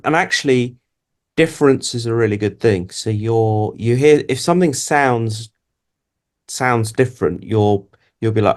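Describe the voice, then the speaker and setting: A man's voice: medium pitch, a little slow. A British man, an animation director, explaining his views as a podcast guest and thinking aloud with restarts. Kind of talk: casual interview chat.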